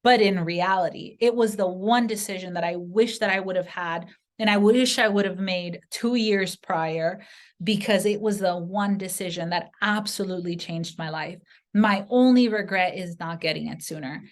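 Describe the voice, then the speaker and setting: A woman giving an earnest motivational sales pitch to camera, speaking directly to the viewer and telling personal stories. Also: moderate pace. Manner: earnest, direct, story-driven persuasion. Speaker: sales presenter.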